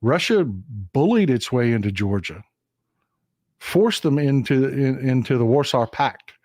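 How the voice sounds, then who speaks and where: A man's voice: mid-range voice, expressive, measured pace, darkish tone, dry recording, clean studio sound. A man with a Texan accent giving a casual political monologue on his live stream, emphatic and repetitive, often calling his viewers folks. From Texas.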